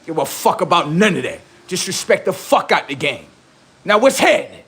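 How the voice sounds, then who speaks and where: Man, livestream host, rather high voice, taunting, heavily profane, boastful. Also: animated, a little fast, bright, forceful tone, husky.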